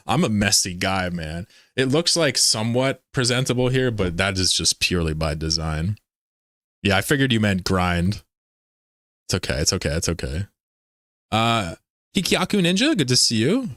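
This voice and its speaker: A man's voice: deep voice, a bit bright, dry recording, studio quality. A man hosting a casual livestream, rambling, laughing often and reading chat messages aloud. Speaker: livestream host.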